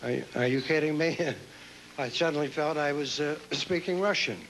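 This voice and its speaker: A man hosting a pageant, interviewing contestants on stage with quick, joking banter. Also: a little high, a bit bright. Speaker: pageant host. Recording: noisy live stage recording.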